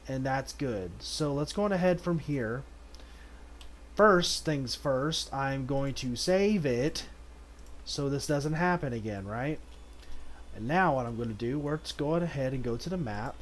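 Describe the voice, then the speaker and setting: A man streaming a video game in casual commentary, reading the game's text aloud and breaking into sudden excited outbursts. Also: mid-range voice, unhurried, a little hiss or hum.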